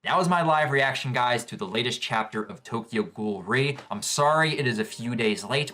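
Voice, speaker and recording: A man hosting a casual live reaction to a manga chapter, gushing with excitable exclamations as he reads along. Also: mid-range voice, moderate pace, hardly any pauses, soft background music. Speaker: manga reaction channel host.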